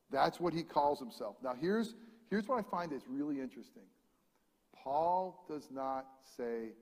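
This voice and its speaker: A man preaching a sermon with animated delivery, swinging between loud emphasis and hushed asides. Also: mid-range voice, moderate pace, husky, big-room sound. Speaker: pastor.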